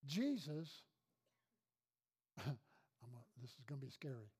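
A man's voice: medium pitch, very animated, slow, darkish tone, slightly rough. A male pastor delivering a sermon, emphatic, repeating key phrases and telling personal stories. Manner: emphatic preaching with repeated phrases and storytelling asides.

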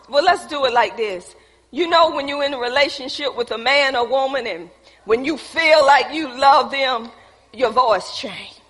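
A woman preacher in the style, delivering a lively call-and-response sermon with playful emphasis. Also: high voice. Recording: echoey hall with long reverb.

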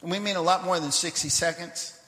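A man preaching a sermon, telling a scripture story in a lively way with asides to the congregation; he grew up in Papua New Guinea. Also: high voice, fairly quick, reverberant, long reverb tail. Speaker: pastor. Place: church sanctuary.

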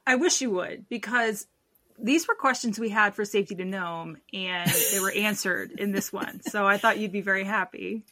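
Female podcast co-host with a bright, sharp voice; animated, drops to a murmur at the ends of lines. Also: mid-range voice, normal speed, no room sound, studio quality. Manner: animated storyteller, trails off quietly at ends. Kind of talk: casual chat.

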